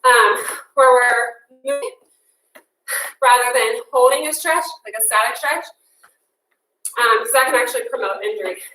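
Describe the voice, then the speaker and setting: High bright winded woman fitness instructor. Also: normal speed, pauses often, a little hiss or hum. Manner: encouraging, casual, counts down reps. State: out of breath. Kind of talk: guided workout class instruction. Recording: echoey room, mic at a distance.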